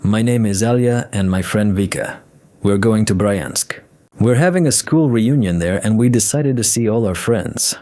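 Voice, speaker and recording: A man's voice: on the low side, normal speed, warm tone, natural voice. A man voicing a friendly, chatty young female student in a story.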